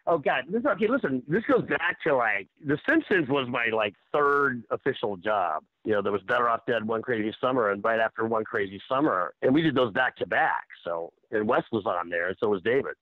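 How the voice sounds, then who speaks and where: An energetic man tells an interview story with lots of fillers and a lively voice that leaps up in pitch. His voice sounds tinny and phone-like, dry and close, with faint music underneath. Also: fairly quick, few pauses, no room sound. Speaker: animator. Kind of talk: animated interview anecdote.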